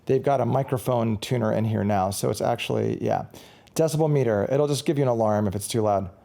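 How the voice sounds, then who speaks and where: Gravelly, mellow-voiced man rambling casually. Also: medium pitch, fairly quick. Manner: rambling, chatty, self-correcting. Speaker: musician reviewing gear. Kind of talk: casual product review.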